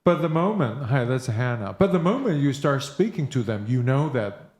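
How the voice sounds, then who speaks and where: Male podcast host, mid-pitched, prompting and filler-heavy, echoey room. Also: sing-song, moderate pace, darkish tone. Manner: prompting questions, frequent "okay, uh" fillers. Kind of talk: casual podcast chat.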